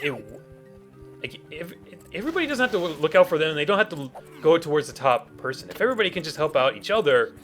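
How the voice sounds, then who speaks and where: A man doing let's play commentary as a gaming YouTuber, talking in a rambling way and often correcting himself. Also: medium pitch. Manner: rambling, animated, self-correcting.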